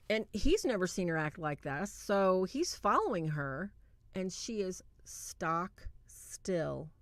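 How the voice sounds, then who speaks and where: A woman hosting a livestream, retelling a film in a casual, animated way and acting out quoted lines. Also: fairly low pitch, dry recording. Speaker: livestream host reviewing a film.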